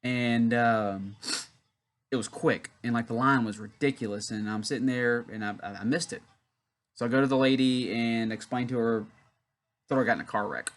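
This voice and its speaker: A young man from Louisiana hosts a laid-back wrestling watch-along for his YouTube channel, rambling through a story between remarks on the match. His mid-range voice holds a steady tone at a moderate pace.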